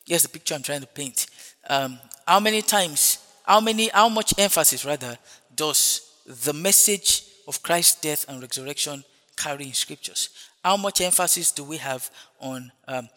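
A man preaching a sermon, stretching words slowly for emphasis and dropping in hallelujah and praise God between points. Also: on the high side, sharp tone. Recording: long hall reverb.

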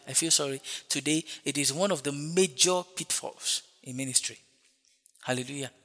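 A man preaching a sermon, stretching words slowly for emphasis and dropping in hallelujah and praise God between points. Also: fairly high pitch, sharp tone. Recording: long hall reverb.

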